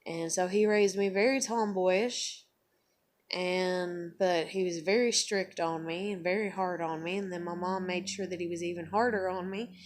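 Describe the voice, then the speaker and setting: A woman's voice: on the low side, fairly even intonation, moderate pace. A woman in her thirties talking in a casual, rambling vlog monologue, full of fillers and swearing. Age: 30s. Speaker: vlogger.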